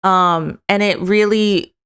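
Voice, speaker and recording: A young woman talks through her reactions in a casual, unscripted way. She is emphatic and swears to drive her points home, in a mid-pitched voice. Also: fairly even intonation, takes it slowly, fairly bright tone, smooth. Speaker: commentator reacting to a speech.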